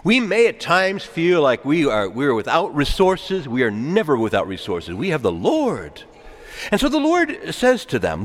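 Man preaching in a large church hall, very expressive pitch, hushed to loud calls, reverb trailing. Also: normal speed. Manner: dramatic swings between hushed and loud calls, asks congregation to respond. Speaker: pastor. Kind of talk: sermon.

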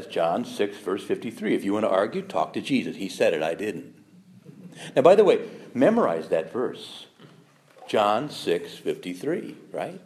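Lively man giving a parish talk. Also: on the low side, normal speed, slight background noise. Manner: animated, rhetorical questions, acts out quoted objections. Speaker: Catholic speaker.

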